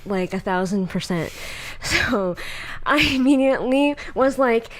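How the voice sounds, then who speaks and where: A woman's voice: on the high side, measured pace. Chatty Valley Girl woman podcaster. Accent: Californian Valley Girl. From California. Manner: chatty, animated, laughs often, many fillers. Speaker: podcast host. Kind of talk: casual chat.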